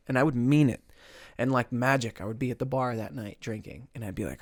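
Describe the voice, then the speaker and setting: A young man telling his recovery story as a podcast guest, earnest and halting, with many restarts. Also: mid-range voice, steady tone, dry recording.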